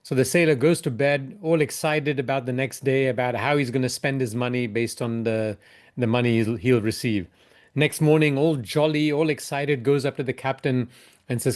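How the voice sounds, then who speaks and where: A man's voice: medium pitch, moderate pace. A man speaks as a keynote speaker and investor. His delivery is earnest and reflective, with a mid-range voice. He ends on a short parable.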